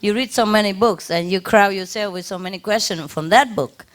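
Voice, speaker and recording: A woman's voice: medium pitch, brisk. A woman speaking informally to a gathering as a spiritual teacher, laughing often, with simple, loosely built sentences. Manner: laughs often, simple non-native English phrasing. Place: ashram gathering.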